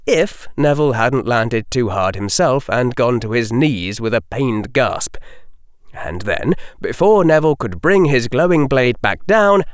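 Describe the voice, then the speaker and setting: Expressive male audiobook narrator. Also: medium pitch, clear, resonant tone, dry recording, clean studio sound. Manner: expressive storytelling.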